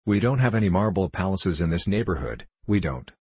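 A man reading the part of a coarse, blustering country poorhouse keeper in rough dialect. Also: low voice, animated, brisk, darkish tone, no room sound. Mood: indignant. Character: gruff rustic middle-aged male poorhouse keeper.

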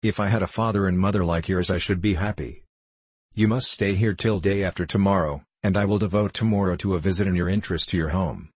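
A man reading the lines of a brave, principled teenage boy in an audiobook, with a calm, firm manner. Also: low voice, fast, breathy edge, no echo. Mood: earnest.

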